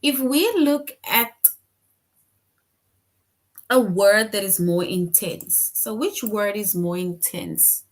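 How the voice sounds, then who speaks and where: Female teacher, slow unhurried delivery, patient question-led explaining. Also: mid-range voice. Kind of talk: online class lesson.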